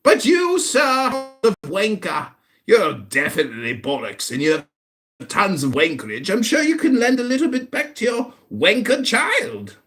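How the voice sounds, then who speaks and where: A man's voice: high voice, big pitch swings, a little slow, a bit bright, faint music behind, exaggerated voice. A man doing a mocking, put-on English accent as a theatrical, sneering insulter in a voice chat roast. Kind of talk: mock roast in a voice chat room.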